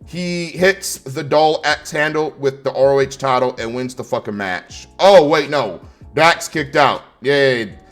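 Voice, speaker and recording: A man's voice: mid-range voice, unhurried, a bit bright, soft background music. A man ranting through a wrestling show review, angry and sarcastic, swearing constantly.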